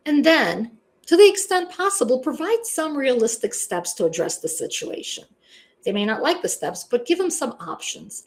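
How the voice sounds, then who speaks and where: A woman's voice: high-pitched, big pitch swings, moderate pace, gravelly. A woman teaching an online class in a blunt, conversational way, with many "you know" asides. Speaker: instructor. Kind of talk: casual online class lecture.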